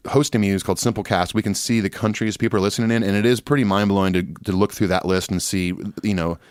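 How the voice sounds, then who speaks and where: Laid-back man, low dry voice. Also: steady tone, quick pace, a little mellow, clean tone, dry recording. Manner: laid-back, rambling, laughs often. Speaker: podcast co-host. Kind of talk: casual chat, reading listener emails. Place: Nashville.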